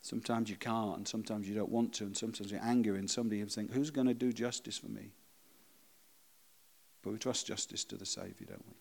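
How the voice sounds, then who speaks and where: Low-voiced pastor preaching in a hall. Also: male voice, steady tone, quick pace, gravelly. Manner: reads a story aloud, then speaks softly and prayerfully. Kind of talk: sermon.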